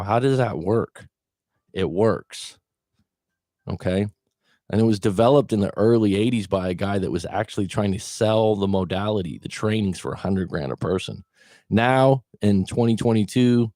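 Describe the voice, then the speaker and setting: In a warm, lowish voice, a middle-aged relationship coach offers down-to-earth advice, voicing quoted thoughts as he goes and swearing occasionally. The recording is dry, with clean studio sound.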